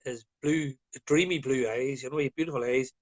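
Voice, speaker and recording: A man's voice: mid-range voice, steady tone, a little fast. A man with a Northern Irish accent, chatting as a guest on a live video call and telling stories in a rambling way with many fillers. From Northern Ireland. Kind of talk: casual chat.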